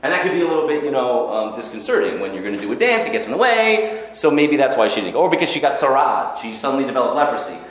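A man giving a lively Talmud lecture, telling the story with Hebrew quotations and acted asides. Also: mid-range voice, fast talker, few pauses. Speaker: rabbi teaching Talmud. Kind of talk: animated Torah lecture. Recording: very echoey room with faint ambient noise.

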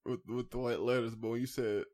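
A man's voice: mid-range voice, fairly even intonation, fairly quick, a little mellow. A young man in laid-back, slangy casual chat with friends.

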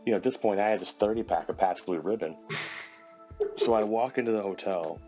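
A man hosting a podcast as a chef, telling animated stories in casual chat, swearing and acting out other people's voices. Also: fairly low pitch, a little fast, faint music behind.

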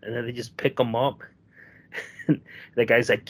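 A man's voice: mid-range voice, steady tone, a little fast. Rambling, profane man telling a story. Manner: rambling, profane, filler-heavy, acts out quotes. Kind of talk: casual chat, storytelling.

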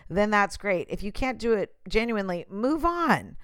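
A woman's voice: mid-range voice, big pitch swings, normal speed, fairly bright tone, smooth, dry recording. A woman giving a casual motivational talk straight to the listener, passionate and emphatic.

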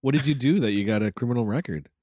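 A man's voice: mid-range voice, rapid-fire, a little mellow, no room sound, clean studio sound. A man co-hosting a podcast in casual chat, conversational, often asking "right?". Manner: conversational, tag questions, frequent "right". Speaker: podcast co-host.

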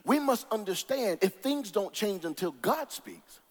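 A male preacher delivering a sermon in a sing-song cadence, swinging from hushed words to shouts and stretching key words with long pauses. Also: sits high, very animated, big-room sound.

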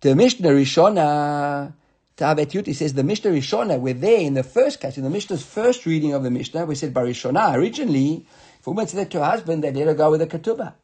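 A man with a fairly high, husky voice leads a Talmud study class. He reads the text aloud and then explains it, stumbling and repeating himself as he thinks things through. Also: lively intonation, quick pace, warm tone. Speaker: Talmud teacher.

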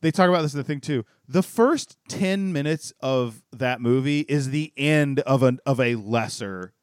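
A man co-hosting a podcast, chatting casually and retelling things in a rambling, animated way with many restarts. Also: medium pitch, normal speed, clear, resonant tone, dry recording, clean studio sound. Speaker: podcast co-host. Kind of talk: casual chat.

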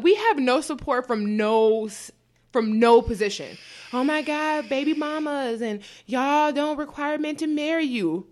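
A woman's voice: high-pitched, measured pace. A young woman co-hosting a podcast, ranting heatedly and profanely, often mimicking the people she criticizes. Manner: animated, profane, mocking quoted voices. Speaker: podcast co-host. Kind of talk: heated casual rant.

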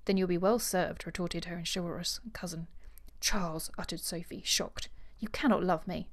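Woman, lowish voice, lively reader, acts out dialogue, casual book chat. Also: normal speed, hardly any pauses. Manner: expressive reader, acts out dialogue, laughs easily. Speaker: podcast co-host. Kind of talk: reading a novel aloud, then casual chat.

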